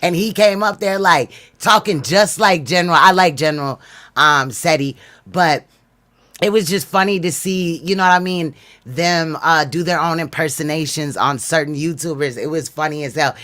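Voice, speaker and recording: A man's voice: fairly high pitch, normal speed, bright, forceful tone. A man hosting a livestream panel, talking loosely and laughing as he tells stories in slangy casual chat.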